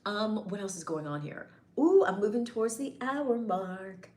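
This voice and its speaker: A woman's voice: mid-range voice, animated, moderate pace, a little mellow, echoey room, a little hiss or hum. A woman hosting a casual livestream, reading chat comments and teasing her viewers playfully.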